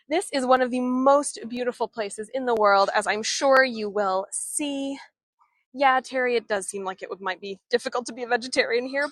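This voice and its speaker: A fairly high, fairly bright female voice comes through with no echo. She's holding her camera while leading a live walking tour of an old town outside, chatting loosely in response to viewers' comments. The mic is her handheld camera or phone, which turns as she walks.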